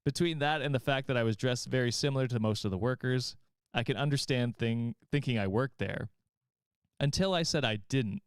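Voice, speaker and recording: Smooth-voiced man reading stories aloud. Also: medium pitch, fairly quick, no room sound, clean studio sound. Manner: laughs often while reading. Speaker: podcast host reading stories. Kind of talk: reading aloud and casual chat.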